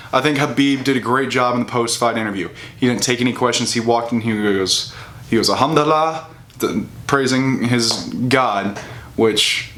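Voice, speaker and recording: A young man rants straight to camera in a heated, profane way. His voice sits at an ordinary middle pitch, and he stumbles and restarts as he builds his case. He speaks like a casual vlogger, mocking the people he disagrees with. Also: a bit bright. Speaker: bodybuilding vlogger. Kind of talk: ranting casual commentary.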